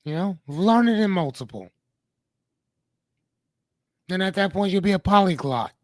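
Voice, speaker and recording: A man's voice: high-pitched, animated, measured pace, no echo, studio quality. A man hosting a podcast in a casual, rambling way, often correcting himself and talking to his listeners. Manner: rambling, self-correcting, talks to the chat. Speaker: podcast host.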